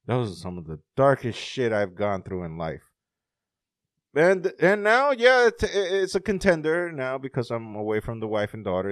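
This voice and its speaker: Profane, animated man chatting. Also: medium pitch, no echo, clean studio sound. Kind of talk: casual chat.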